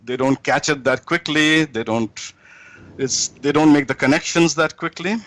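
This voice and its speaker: A man's voice: a little high, normal speed, a bit bright, low-quality recording. Rambling man telling jokes in an interview. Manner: rambling, frequent restarts. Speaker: guest.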